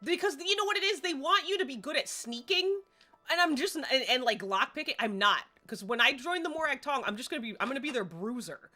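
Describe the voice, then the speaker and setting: A woman's voice: high-pitched, lively intonation, fairly quick, pushed and bright, soft background music. A woman livestreaming a game at home, chatty and self-deprecating in casual gameplay commentary.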